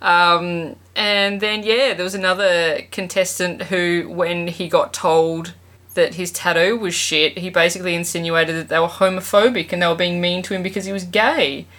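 A woman's voice: on the low side, moderate pace. A woman co-hosting a podcast, chatting casually and swearing freely as she retells a show. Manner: sweary, animated retelling with mock quotes. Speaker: podcast co-host. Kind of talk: casual chat.

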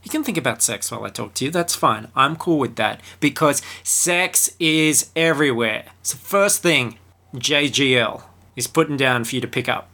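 A man with a bright, forward voice and mid-range pitch delivers a comedic film review monologue. He talks in an irreverent, crude and sarcastic way, with plenty of mockery. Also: normal speed, gravelly.

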